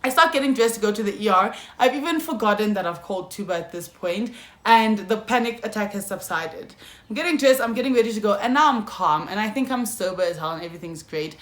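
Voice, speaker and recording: A young South African woman telling a storytime vlog, animated and slangy, often calling out to her viewers. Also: mid-range voice, fast. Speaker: YouTuber. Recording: echoey room.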